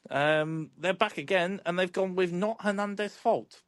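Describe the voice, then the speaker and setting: Guy hosting a football pod, kinda high voice, dead dry sound, lots of ums. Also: measured pace, a bit bright, smooth, dry recording. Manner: laid-back, chuckling, many ums. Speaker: podcast host. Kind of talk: casual chat.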